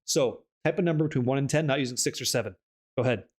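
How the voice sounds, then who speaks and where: A man's voice: medium pitch, racing. A young man hosting a live stream, reading chat aloud and joking in a casual, hyped way with some swearing. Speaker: streamer host.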